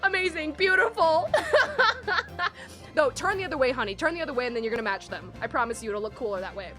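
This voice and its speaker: A young woman streaming a game, excitable and gushing, with frequent gasps. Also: high-pitched, fast talker. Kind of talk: casual live-stream commentary. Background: faint game music.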